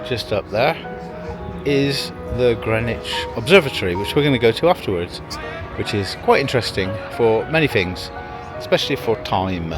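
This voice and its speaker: A man's voice: medium pitch, lively intonation, moderate pace. A man casually narrating a travel vlog with dry, understated humour while tasting food at a busy outdoor market. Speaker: travel vlogger. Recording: loud crowd and music behind.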